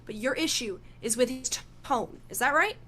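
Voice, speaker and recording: A woman's voice: high voice, animated, normal speed, sharp tone. A woman in a heated debate, insistent and argumentative, often restarting her sentences. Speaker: debate guest.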